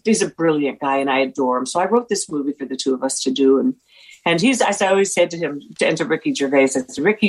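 A woman speaks in a slightly low register as an interview guest. She tells faith stories with earnest warmth and animated retellings of dialogue. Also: low-quality recording. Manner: earnest, animated storyteller acting out quoted dialogue. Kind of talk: faith-focused interview storytelling.

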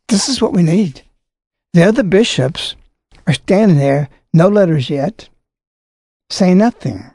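A man's voice: on the high side, a little mellow, no echo, studio quality. A man giving impassioned religious commentary, preaching emphatically and hitting words hard.

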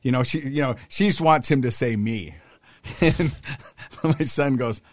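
Speaking at an unhurried pace in a mid-range voice, this co-host of a casual talk show spins a lively story, performing the voices of its characters. There's no room sound on the recording.

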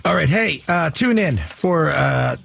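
A man co-hosting a radio talk show, speaking in a calm, analytical, agreeable way. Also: on the high side, takes it slowly, vocal fry, no echo.

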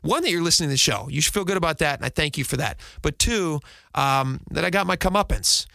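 Self-mocking male radio host, bright voice. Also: fairly high pitch, quick pace, creaky, dry recording. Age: adult, married. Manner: self-mocking, animated anecdote with laughs. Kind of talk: casual storytelling monologue.

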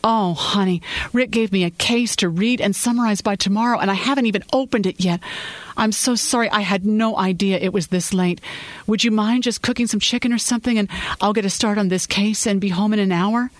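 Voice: medium pitch, animated, moderate pace, no room sound, lightly acted. A narrator voicing an eager but unsure young woman lawyer, who talks in a flustered, apologetic way.

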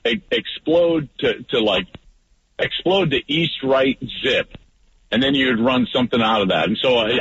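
Animated male storyteller on a radio show. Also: medium pitch. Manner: lively, fast-talking storyteller who gets loud at the peak. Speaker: radio show guest, football analyst. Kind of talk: animated storytelling in casual chat. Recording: dull lo-fi radio audio, faint noise.

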